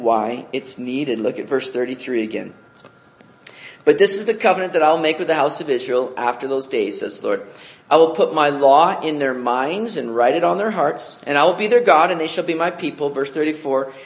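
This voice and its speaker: A man preaching a sermon in an animated way, calling his listeners "guys" and swinging between loud emphasis and soft asides. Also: on the high side. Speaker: pastor.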